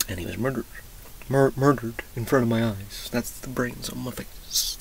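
A man from Texas talking through his memories in a rambling personal monologue, emotional and profane, drifting from loud outbursts into whispers. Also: medium pitch, lively intonation, normal speed, vocal fry, slightly rough, low-quality recording. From Texas, USA. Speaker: vlogger.

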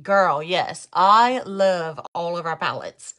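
A woman's voice: on the low side, lively intonation, slow, a bit bright. Chatty Cajun-accented woman vlogger. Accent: Cajun Louisiana. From Louisiana. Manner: chatty, talks to viewers, reads out comments. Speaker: makeup vlogger. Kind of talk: chatty live makeup tutorial.

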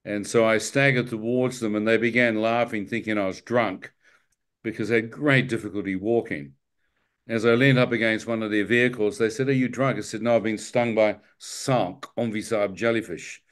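A man with a New Zealand accent recounts a near-death story as a spoken testimony. He tells it like an animated storyteller, putting on voices for the people in it and laughing as he goes. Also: on the low side, moderate pace. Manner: animated storyteller, acts out dialogue, laughs often. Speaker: guest telling his testimony.

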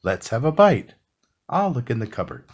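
A man's voice: lowish voice, big pitch swings, normal speed, slight background noise. A man voicing a small, fussy male mouse who shivers with cold and hates people. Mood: eager. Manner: fussy, complaining.

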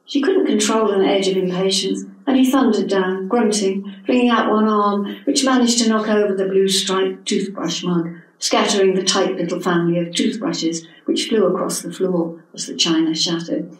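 A woman, reading her own story at a literary event in a measured, expressive way. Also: mid-range voice. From England. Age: 70s. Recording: echoey hall from a distant mic.

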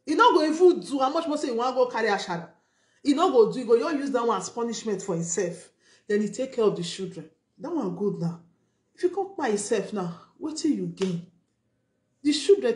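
A woman's voice: fairly high pitch, darkish tone, roomy sound. A Nigerian woman with a Nigerian Pidgin English accent hosting a casual live stream, giving emphatic, preachy advice. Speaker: vlogger and live-stream host.

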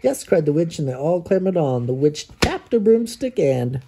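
A man, a dad, reading a rhyming picture book aloud to his child and pausing so the child can fill in the rhymes. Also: a little high, very animated, dark tone, slight background noise. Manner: reads rhymes with pauses for a child to finish them. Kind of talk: bedtime story read-aloud.

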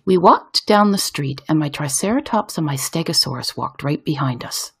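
A woman reads a children's picture book aloud in a low, husky voice with a gravelly edge. Her storytelling is expressive and swings widely in pitch. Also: normal speed, hardly any pauses.

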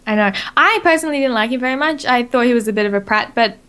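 A woman's voice: fairly high pitch, fast talker, fairly bright tone, smooth. An Australian woman hosting a casual gaming podcast, chatty and rambling, with lots of fillers and self-corrections. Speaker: podcast host.

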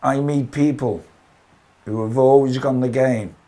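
A middle-aged man recounts football stories in an interview. His voice is warm and mellow, pitched in an ordinary male middle range. He talks in a lively, chatty way. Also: unhurried. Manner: chatty, lively anecdote-teller. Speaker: football fan. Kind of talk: documentary interview storytelling.

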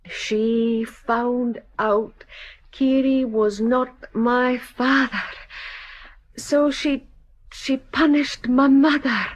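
A hypnotized young woman in terror. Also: a little high. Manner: halting, then screaming in anguish. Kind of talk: 1970s radio drama acting.

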